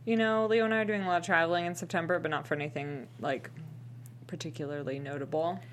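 A woman's voice: lowish voice, fairly even intonation, fast, slight background noise. A young woman co-hosting a podcast, chatting casually with giggles and fillers. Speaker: podcast co-host. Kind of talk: casual chat.

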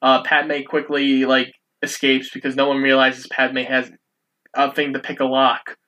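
Man calmly retelling a movie plot. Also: medium pitch, unhurried, poor audio. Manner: plain, step-by-step plot retelling. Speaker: podcast co-host. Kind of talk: casual movie recap chat.

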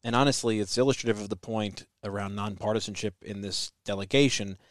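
A man hosting a podcast, giving a measured, explanatory introduction to the episode. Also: on the low side, steady tone, fairly bright tone, no room sound, clean studio sound. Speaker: podcast host.

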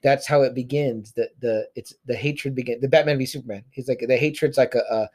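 A man co-hosting a casual podcast chat, animated and profane, acting out quotes with big jumps in his voice. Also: medium pitch, fairly quick. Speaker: podcast co-host.

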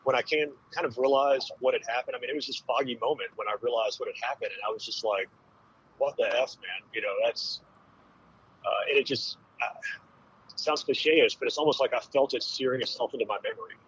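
A man in his forties, a military veteran, telling a hard personal story with candid, halting speech and many fillers. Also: mid-range voice, fairly bright tone, dull audio, slight background noise. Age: 40s.

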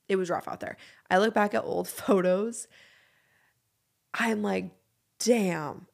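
A woman in her thirties talks on her podcast in a low, gravelly voice with a bit of vocal fry. She is frank and candid and swears casually as she chats. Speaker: podcast host.

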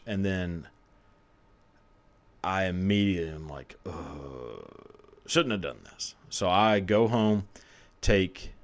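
A man's voice: on the low side, clean tone. A man telling a confessional story on his podcast in a casual, rambling way, swearing freely and laughing often. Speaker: podcast host.

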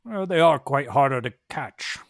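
A man's voice: medium pitch, lively intonation, moderate pace, vocal fry, dry recording, studio quality. A man voicing a formal, patronizing male vampire doctor in a tabletop game. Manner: prim, polite, patronizing.

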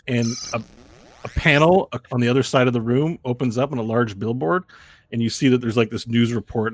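A man running a tabletop game as game master, narrating each scene in vivid, rambling detail. His voice is husky and breathy, and he often restarts his phrases. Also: lowish voice, no echo.

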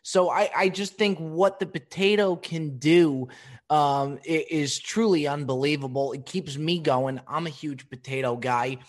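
A man hosting a podcast, telling a funny story in a lively way and answering voicemails. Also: fairly high pitch, measured pace. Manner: animated, laughing storyteller. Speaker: podcast host.

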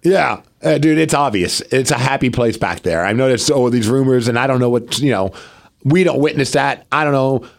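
Gravelly man telling a wrestling story. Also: mid-range voice, moderate pace. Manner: animated storytelling with quoted dialogue. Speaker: podcast co-host and local wrestler. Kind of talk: casual chat.

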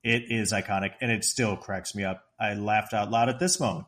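A middle-aged man co-hosting a podcast, retelling movie scenes in an animated way and laughing often. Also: lowish voice, a little fast, hardly any pauses. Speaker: podcast co-host. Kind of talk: casual film discussion.

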